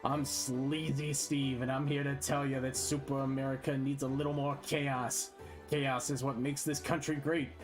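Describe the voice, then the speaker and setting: A man's voice: medium pitch, flat delivery, normal speed, music in the background, lightly acted. A man voicing a sleazy, sweaty, wheezing male political candidate who heckles his rivals in a brash, dismissive way.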